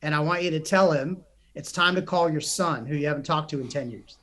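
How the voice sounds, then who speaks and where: A man's voice: a little high, a little fast. A young man, a psychotherapist and coach, telling stories in a podcast interview with earnest energy and frequent restarts. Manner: animated, earnest, many restarts.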